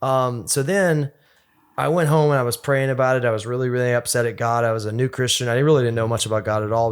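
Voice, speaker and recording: A man, a podcast guest, telling a long story in a rambling, animated way, full of restarts and fillers. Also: mid-range voice, smooth. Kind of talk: casual storytelling interview.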